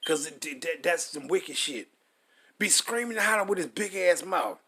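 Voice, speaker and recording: A man reading scripture aloud and commenting on it, profane and combative, slowing down to stress the verses. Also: high voice, expressive, vocal fry, husky. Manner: profane and combative, reads verses slowly and forcefully.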